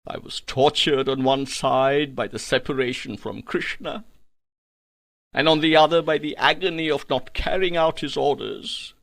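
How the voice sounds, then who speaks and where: A man's voice: mid-range voice, moderate pace, creaky, fairly bright tone, no echo. A man giving a solemn, dramatic first-person narration of a spiritual text for an audiobook.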